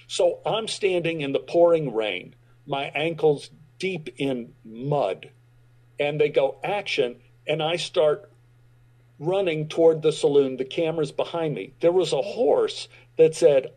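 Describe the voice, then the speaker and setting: Mellow-voiced man telling a story. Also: fairly high pitch, rough recording. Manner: animated storyteller acting out quotes. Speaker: guest actor. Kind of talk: storytelling anecdote.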